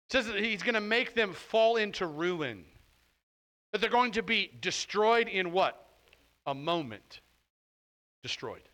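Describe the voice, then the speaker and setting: A pastor delivers a sermon with a bright, forceful tone and a voice pitched a little above the usual male range. He talks conversationally and often slips into quoted voices to act out the text. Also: expressive, moderate pace, long pauses, rough recording.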